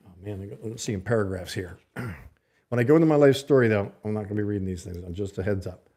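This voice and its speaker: Guy rambling on his livestream, lowish voice, right up on the mic, chatty with chat. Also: fast, dark tone. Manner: rambling, chatty, reads viewer comments aloud. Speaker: livestream host. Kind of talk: casual livestream chat with viewers. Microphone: desk mic held close to the mouth.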